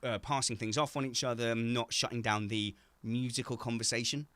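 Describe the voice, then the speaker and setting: A man's voice: medium pitch, steady tone, a little fast, a bit bright, no room sound. A man hosting a casual video-call chat from home, joking and teasing, with frequent stumbles and restarts. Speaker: host.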